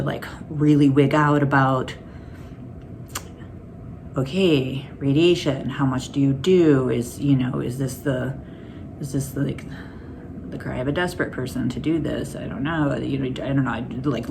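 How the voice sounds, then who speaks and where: A woman's voice: very deep voice, steady tone, moderate pace, gravelly, fairly bright tone, a little hiss or hum. A woman vlogging to her phone camera in a candid, rambling way, laughing through anxious stories. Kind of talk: casual personal vlog.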